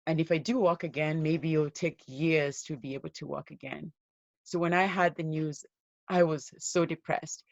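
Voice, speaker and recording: A woman giving an interview as a guest, telling her own life story in an earnest, steady way. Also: sits low, normal speed, creaky, no room sound, muffled recording. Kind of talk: personal story told in an interview.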